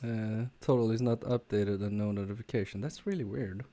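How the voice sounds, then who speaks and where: A man casually chatting with viewers on a live stream while repairing a game controller, talking haltingly with fillers and restarts. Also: lowish voice, warm tone. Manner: halting, many fillers and restarts, chuckling asides. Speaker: repair livestreamer.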